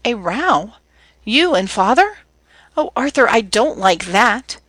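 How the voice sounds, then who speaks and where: A woman putting on a sweet, spirited young sister in a storybook, soft-spoken and lightly playful. Her voice lifts above the narration, high and bright, with a dry, close sound. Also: sing-song, slow, no echo, heavily acted.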